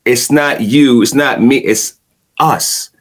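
A man's voice: medium pitch, slow pace. A laid-back middle-aged man in casual conversation, often repeating himself and agreeing with "right.".

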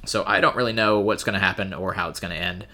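Guy co-hosting a podcast, deep and sharp-edged voice, laid back, lots of ums. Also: steady tone. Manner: easygoing, laughing often, halting with ums. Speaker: podcast co-host. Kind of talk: casual chat.

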